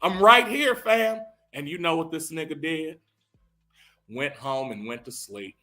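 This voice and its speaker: A man telling a profane, animated comedic recap of a film, acting out the characters' lines as he goes. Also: on the high side, unhurried.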